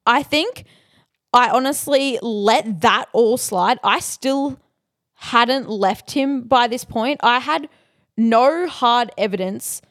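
A woman's voice: on the high side, no echo, clean studio sound. A young woman in her twenties with an Australian accent, co-hosting a podcast and candidly telling her own stories. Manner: candid, storytelling, quick laughs. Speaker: podcast co-host. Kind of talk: casual chat.

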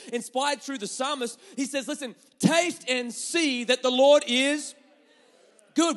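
A man with a notably high voice preaches from the pulpit, animated and storytelling, dropping to hushed tones then surging loud again. He's a young adult pastor with a conversational, joking delivery. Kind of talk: sermon.

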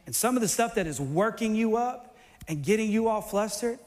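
A male preacher delivering a sermon in an animated, playful way, sometimes bursting into shouts. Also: high-pitched, moderate pace, in a large hall.

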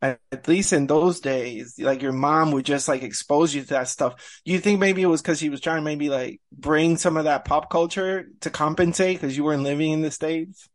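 A Spanish-speaking man from the Caribbean co-hosting a podcast, talking in a hesitant, halting casual way. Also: on the high side, no echo. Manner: hesitant, halting, laughs easily. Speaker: podcast co-host. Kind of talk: casual chat.

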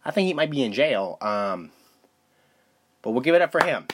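Young man, solo podcast host, lively swinging pitch, profane rambling, filler-heavy. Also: moderate pace, background noise. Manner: loose, profane storytelling with lots of fillers. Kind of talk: casual solo podcast monologue.

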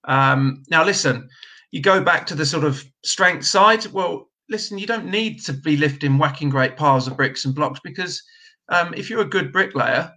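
A middle-aged man chats through viewer comments on a live stream. His voice is bright and a little high for a man. He talks bluntly and casually, with plenty of ums. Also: normal speed. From Britain. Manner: chatty, blunt, with frequent ums. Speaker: host of a trades live stream.

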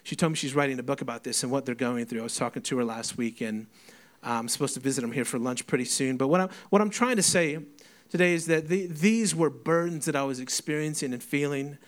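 Man pastor, sermon storytelling, emotional, fairly high voice. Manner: storytelling, emotional, acts out dialogue.

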